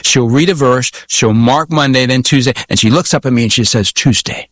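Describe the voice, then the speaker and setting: A man's voice: medium pitch, fairly quick, dry recording. A man who is a pastor from the United States, recounting a preaching story in conversation and acting out the dialogue and scripture readings. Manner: animated storyteller who acts out quoted dialogue and reads scripture aloud.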